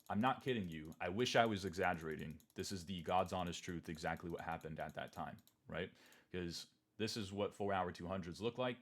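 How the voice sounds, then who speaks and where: A man with a fairly low voice hosting a trading livestream. He rants with animated, sarcastic energy and swears freely. His pitch jumps up whenever he mocks how other people talk. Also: fairly quick. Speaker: crypto trading livestream host. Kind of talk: livestream market commentary rant.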